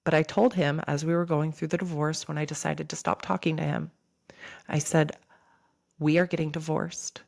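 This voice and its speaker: A woman's voice: low-pitched, fairly even intonation, fairly quick, vocal fry, darkish tone, no echo. Earnest woman telling her story, dry. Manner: earnest storytelling, addresses listeners directly. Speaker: podcast host. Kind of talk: candid podcast chat.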